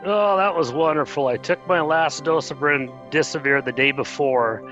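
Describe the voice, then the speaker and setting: A middle-aged man, an interview guest, telling a personal story in an earnest, plainspoken way and pausing when moved. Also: on the high side, a bit bright, highs cut off, faint music behind.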